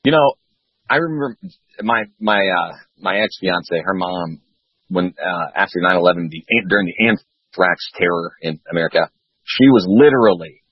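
Low husky man, sweary storyteller. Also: normal speed, no room sound. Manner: swears freely, animated storyteller. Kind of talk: casual chat. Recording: dry dull lo-fi call audio.

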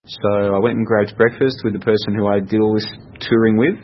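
A man's voice: fairly low pitch, flat delivery, fairly quick. A man hosting a casual solo podcast, chatty and rambling, often correcting himself. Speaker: podcast host. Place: home room. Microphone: computer mic. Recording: dull lo-fi audio with faint noise.

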